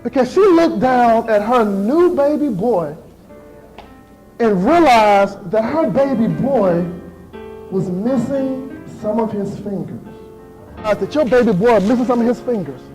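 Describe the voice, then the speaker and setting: A man in his thirties giving a motivational speech to students, telling stories in an animated way and acting out voices and sound effects. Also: very high voice, measured pace, faint music behind, low-quality recording. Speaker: motivational speaker. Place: school assembly.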